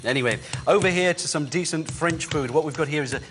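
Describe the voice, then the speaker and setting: A man's voice: on the high side, quick pace, fairly bright tone, faint music behind. A man presenting a dish in a TV show kitchen, wry and savouring his words as he describes ingredients. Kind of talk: cooking demonstration. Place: TV studio kitchen.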